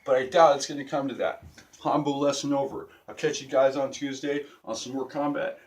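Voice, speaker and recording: A man's voice: medium pitch, flat delivery, a little fast. A young man casually teaching a stick-fighting move in a video lesson, talking brash and profane. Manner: profane, brash street talk. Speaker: self-defense instructor.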